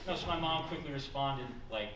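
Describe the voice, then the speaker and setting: A young man performing a stand-up comedy set with a dry, deadpan delivery. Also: on the high side, brisk, recorded from a distance. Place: small comedy club stage. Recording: echoey club room, mic heard from afar, loud noise.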